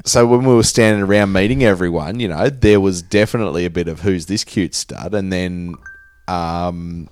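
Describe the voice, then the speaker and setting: A man's voice: deep voice, normal speed, darkish tone, smooth. A man co-hosting a podcast, laid-back and self-mocking in casual banter. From Australia. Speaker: podcast co-host.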